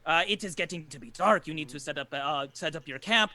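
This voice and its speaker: Brief: man playing an overjoyed welcoming traveler, high, loud and insistent. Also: brisk, dry recording. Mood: eager. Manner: gushing, insistent, repeats himself. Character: excitable, eager, welcoming male camp traveler.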